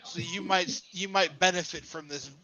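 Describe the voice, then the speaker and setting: Bright high-voiced man, muffled audio. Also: fairly even intonation, normal speed. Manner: emphatic, teasing. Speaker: podcast co-host. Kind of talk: casual sports chat.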